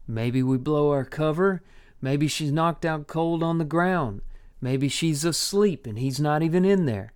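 A man voicing a steady, commanding town guardian who speaks firmly and decisively. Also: on the high side, unhurried, smooth, close to an everyday voice.

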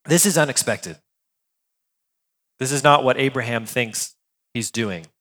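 A man preaching a sermon in a conversational, animated way, reading scripture and then explaining it with everyday asides. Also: medium pitch, unhurried, in a large hall. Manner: conversational, animated, with filler words and restarts. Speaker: pastor.

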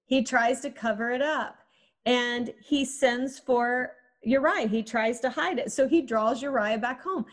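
A woman preaching a conversational sermon, asking questions aloud and acting out the people she quotes. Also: high-pitched.

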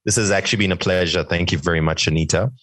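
A man's voice: low-pitched, fairly even intonation, fast, a bit bright, no room sound. A man co-hosting a podcast, wrapping up the episode with a jokey sign-off. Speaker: podcast co-host. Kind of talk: casual podcast outro.

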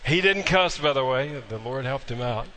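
Pastor preaching in a hall. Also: male voice, mid-range voice, animated, normal speed, sharp tone, slight background noise. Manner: storytelling with humor, then emphatic preaching. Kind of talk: sermon.

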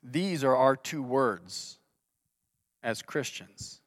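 A man's voice: mid-range voice, animated, extremely slow, no echo. A man preaching a sermon in an earnest way, reading scripture aloud with rising intensity. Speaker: pastor.

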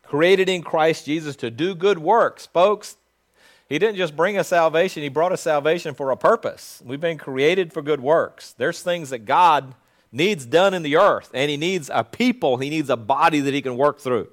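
Pastor guy giving a sermon, voice a bit on the high side, earnest, talks to the folks then gets loud and proclaiming. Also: normal speed. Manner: earnest, conversational preaching that swells into loud proclamation.

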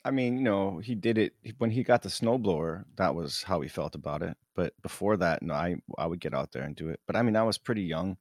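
A man with a Minnesotan accent, co-hosting a podcast in casual chat, dry and deadpan in his humor. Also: low voice, a little fast, few pauses, no room sound. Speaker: podcast co-host.

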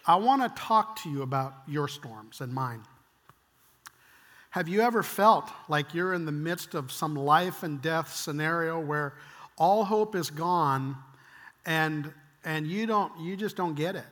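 An older man preaching a sermon, conversational and animated, acting out quoted lines and dropping to hushed whispers. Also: a little high, long reverb tail. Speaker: pastor.

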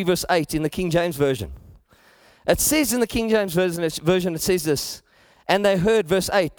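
A man's voice: high voice, no echo, clean studio sound. A middle-aged man with a South African accent, preaching a sermon with rising emphasis and repeated phrases. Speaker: pastor.

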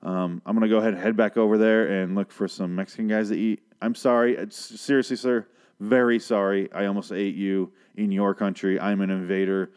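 A polite zombie apologizes over and over in a low, sheepish voice, as a man puts him on. He sounds meek and eager to leave without trouble. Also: little pitch movement, a little fast, darkish tone, smooth, close to an everyday voice.

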